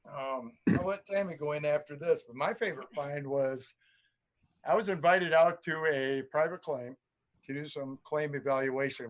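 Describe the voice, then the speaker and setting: A man, a gold prospector, telling a story casually over a video call and acting out the voices and sounds. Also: medium pitch. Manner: animated storyteller who acts out voices and sounds. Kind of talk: casual storytelling on a live stream. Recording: muffled lo-fi stream audio.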